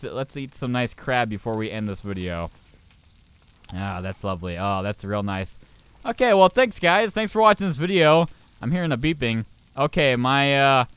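A young man casually commenting on his own gameplay, swearing and getting loudly panicked when things go wrong. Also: mid-range voice, clear, resonant tone, no echo. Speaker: gaming channel host. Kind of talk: casual let's play commentary.

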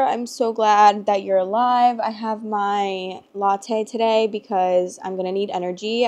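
A young adult woman hosting her storytime channel, talking in a chatty, rambling, emotional way with lots of "like" fillers. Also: a little high. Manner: chatty and rambling, heavy use of "like"; emotional and expressive. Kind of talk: casual chat to camera.

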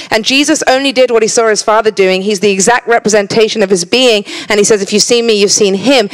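Earnest woman preaching in a church. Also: medium pitch. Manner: earnest, repeats words when starting, playful asides to the congregation. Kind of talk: sermon.

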